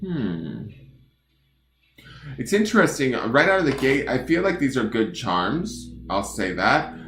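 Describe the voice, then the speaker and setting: A man's voice: lowish voice, fairly bright tone, roomy sound, a little hiss or hum. A man doing a casual charm-reading livestream from his home desk, chatting playfully and greeting viewers by name. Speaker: tarot and charm reader. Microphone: phone or webcam on desk.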